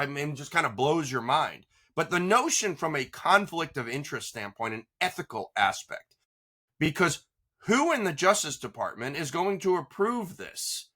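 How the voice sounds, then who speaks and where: A man speaks as a guest commentator in an animated, exasperated way, hammering his points and tripping into restarts. His voice sits a bit high and rings bright and sharp. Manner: emphatic and exasperated, with frequent restarts.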